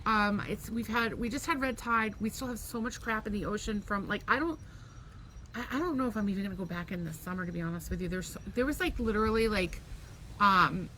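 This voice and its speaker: A woman's voice: mid-range voice, fairly quick, sharp tone, a little hiss or hum. A woman co-hosting a podcast at home, chatting casually and animatedly and swearing freely. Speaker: podcast co-host. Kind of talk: casual chat.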